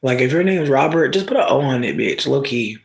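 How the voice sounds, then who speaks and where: This streamer's mid-range voice is creaky and runs a little fast. Telling a story to viewers in a casual, animated way, he swears freely and breaks off into loud shouting and audience asides.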